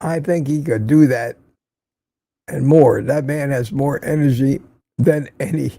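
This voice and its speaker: A man's voice: mid-range voice, a little slow, creaky, dark tone, no room sound. An older man hosting a casual livestream from Florida, reading viewer comments aloud and teasing them in a chatty way. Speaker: livestream host. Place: home in Florida.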